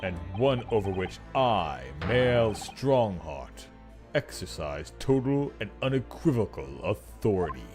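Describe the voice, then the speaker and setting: A man voicing a stern older male chief justice who speaks in a grave, measured, formal way. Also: on the low side, sing-song, over music, voice pushed down. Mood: solemn.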